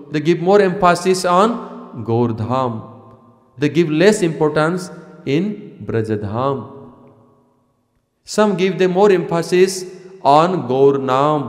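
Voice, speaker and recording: Man, fairly high voice, devotional lecture, long hall reverb. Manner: repeats and asks rhetorical questions, chants verses. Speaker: spiritual teacher. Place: ashram hall.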